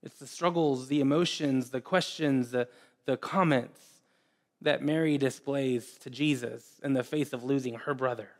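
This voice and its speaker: A man preaching a sermon in an earnest way, often repeating words and pausing. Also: mid-range voice, steady tone. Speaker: pastor.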